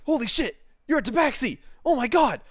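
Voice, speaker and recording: A man voicing an excitable young male shopkeeper who gushes over adventurers with rapid-fire questions. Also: very high voice, highs cut off, pitched above the performer's own voice, heavily acted. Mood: starstruck.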